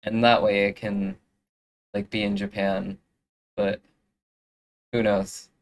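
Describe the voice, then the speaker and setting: Slow, rambling young streamer. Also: sits low, level tone, a little hiss or hum, poor audio. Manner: rambling, full of fillers and restarts. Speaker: streamer doing art. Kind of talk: casual live-stream chat while drawing.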